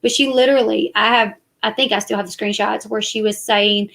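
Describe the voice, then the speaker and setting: A woman's voice: mid-range voice, steady tone, fairly quick, gravelly, hardly any pauses, fairly bright tone. A woman, chatting casually and defensively to her live stream viewers. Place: parked car at night.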